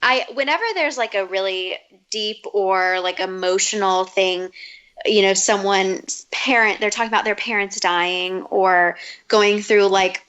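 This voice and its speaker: A woman's voice: medium pitch, steady tone, measured pace, a bit bright, smooth, dull audio. Chatty young woman podcast guest. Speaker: podcast guest, comedic video creator. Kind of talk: casual podcast chat.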